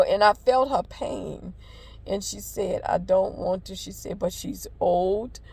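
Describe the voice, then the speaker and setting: With a gravelly, somewhat low and slightly mellow voice, this older devotional vlogger tells a meandering, heartfelt story from her own life. She fills it with fillers and casual faith-based encouragement.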